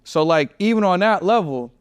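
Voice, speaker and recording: A man hosting a podcast in casual, slangy, animated chat, often repeating himself. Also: sits high, normal speed, clear, resonant tone, dry recording. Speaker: podcast host.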